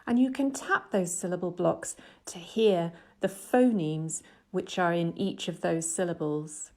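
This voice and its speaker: A middle-aged woman, an English teacher, giving a clear, measured, scripted lesson voice-over with patient explanations. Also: on the low side, dark tone.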